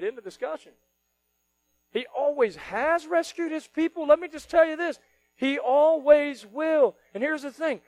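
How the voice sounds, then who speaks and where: Man, pastor, very high voice, dry close sound, animated preaching. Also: no echo, poor audio. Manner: animated, mocking voices of worried people, rising to shouts. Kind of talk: sermon.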